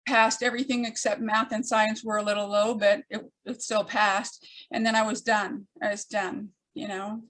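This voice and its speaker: An older woman telling a personal story to an audience, with wry humor and frequent pauses. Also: medium pitch, little pitch movement, a bit bright. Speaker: storyteller speaker.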